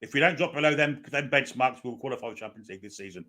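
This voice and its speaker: A man's voice: mid-range voice, very fast, pushed and bright. A man co-hosting live fan commentary on a football match, chatty and jokey, sometimes swearing. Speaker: fan channel co-host.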